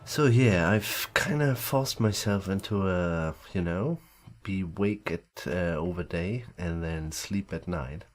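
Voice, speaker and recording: A man's voice: low voice, takes it slowly, hardly any pauses. A man with a groggy just-woke-up voice, rambling casually while streaming a game. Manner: rambling, loose, swears casually. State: groggy morning voice. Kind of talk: casual gaming stream chat.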